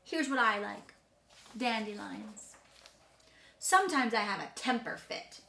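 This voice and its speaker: In a full character voice that's mid-range, gravelly, pushed and bright, a woman reads a little slowly and animatedly as a mischievous six-year-old who lives in a hotel. The playful monologue is chatty, boastful and matter-of-fact, recorded with roomy echo and slight background noise.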